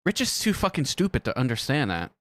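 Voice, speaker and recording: A man's voice: medium pitch, huge pitch swings, fast, fairly bright tone. Ranting, profane male streamer. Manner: profane, ranting, laughs often. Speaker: streamer reacting to a video. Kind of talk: casual live-stream commentary.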